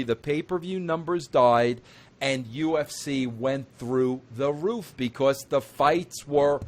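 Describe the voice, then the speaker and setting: A man hosting an interview, talking in an emphatic, repetitive way that climbs into excited outbursts. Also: mid-range voice. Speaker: interview host. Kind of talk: opinionated wrestling talk.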